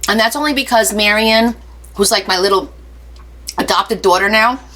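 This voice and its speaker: A woman's voice: mid-range voice, moderate pace, sharp tone. A woman hosting a casual craft live stream, chatty and playful, reading viewer comments aloud and answering them with jokey asides. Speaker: craft livestream host.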